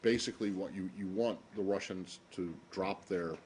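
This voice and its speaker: A man reporter in a press briefing room, asking questions in a halting, hesitant way. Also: sits low, background noise.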